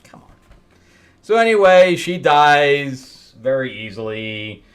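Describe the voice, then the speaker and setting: A man's voice: on the high side, big pitch swings, takes it slowly. Rambling exasperated male comic reviewer. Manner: rambling, exasperated, laughing asides. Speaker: host. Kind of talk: casual comic book review.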